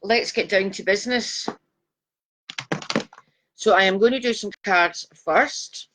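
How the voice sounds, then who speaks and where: Woman, Glasgow Scottish accent, middle-aged, mid-pitched voice, chatty live stream host, self-deprecating. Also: takes it slowly, fairly bright tone, a little hiss or hum. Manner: chatty, self-deprecating, greeting viewers by name. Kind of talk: casual live stream chat.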